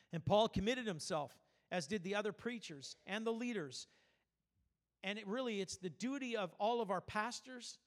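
Man preaching a conversational sermon. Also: a little high. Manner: conversational, anecdotal preaching with restarts and asides. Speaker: pastor. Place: church service.

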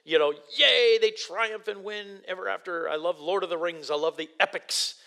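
A male preacher delivering a sermon in a high, bright, ringing voice. He reads scripture aloud and then talks it through with growing excitement. His sentences trip and restart, and he breaks into loud exclamations. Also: moderate pace, gravelly.

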